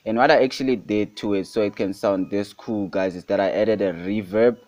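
A man's voice: lowish voice, steady tone, brisk, darkish tone, no echo. A young man from South Africa hosting a casual beat-making tutorial, repeatedly calling things super hot and saying guys. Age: young adult. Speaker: music production tutorial host. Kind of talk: casual screen-recorded tutorial. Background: beat playing underneath.

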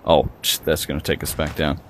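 A man's voice: a bass voice, huge pitch swings, moderate pace, background noise. A young adult man giving casual, joking commentary while playing a video game. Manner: chatty, joking, reacting aloud. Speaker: gaming streamer.

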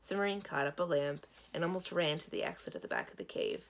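A woman librarian reading a children's chapter book aloud, gentle and steady. Her voice is low and has a gravelly, creaky texture. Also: fast talker, a little hiss or hum. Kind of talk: children's read-aloud narration.

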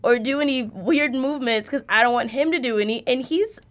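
A woman hosting a podcast, telling an anecdote in expressive casual chat, swearing and acting out scenes. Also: high-pitched, fairly quick. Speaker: podcast host.

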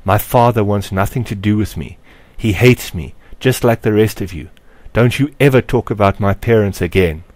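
A man's voice: on the low side, normal speed, hardly any pauses, darkish tone, no echo, natural voice. A man reading aloud, voicing an angry, bitter schoolboy necromancer who raises his voice in indignation. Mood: indignant. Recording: dry close recording.

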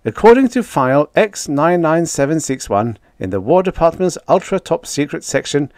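A man plays a mild, earnest genius who talks politely and a touch apologetically. The voice sits higher than the reader's own and moves around a lot in pitch, in a dry, close recording. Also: a little mellow, no echo.

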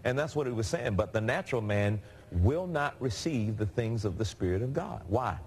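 A man's voice: lowish voice, moderate pace, slight background noise. A man preaching a sermon in a conversational, storytelling way. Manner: conversational, animated storytelling with laughs.

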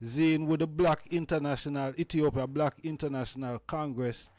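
A man's voice: a little high, fairly even intonation, moderate pace, a little mellow, no room sound. A man with a Jamaican accent hosting a reasoning, asking questions in a hesitant way full of fillers. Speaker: host. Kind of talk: casual reasoning.

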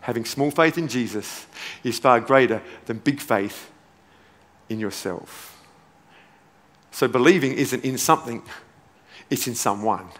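A pastor preaching a sermon in a church auditorium, emphatic and repeating key phrases, with playful asides. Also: male voice, mid-range voice, measured pace, pauses often, a bit bright. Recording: long church hall reverb.

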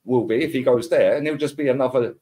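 A man's voice: medium pitch, fast, mellow. A man, ranting as a football podcast pundit in heated casual chat, full of slang and repeated words.

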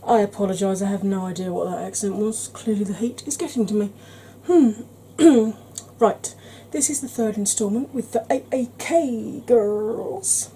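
Lady rambling on about her makeup, relaxed voice, goes quiet and whispery now and then. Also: medium pitch, measured pace, slight background noise, rough recording. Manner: rambling, conversational, drops to soft whispers at times. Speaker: beauty channel host. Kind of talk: chatty makeup tutorial.

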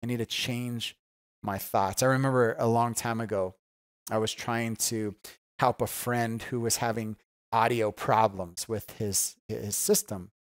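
A pastor giving a conversational, earnest sermon, often asking "right?" and repeating key phrases for emphasis. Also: male voice, medium pitch, steady tone, measured pace, dry recording, studio quality.

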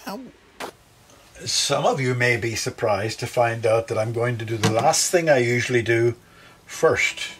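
A man's voice: medium pitch, animated, measured pace, background noise. A middle-aged man working as a luthier, chatting through each step of a guitar setup in his workshop. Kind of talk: workshop demonstration to camera.

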